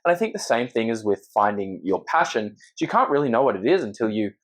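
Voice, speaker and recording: A man's voice: mid-range voice, big pitch swings, fast talker. Reflective young Australian man. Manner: earnest, reflective, agreeable. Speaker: podcast guest. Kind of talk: casual chat.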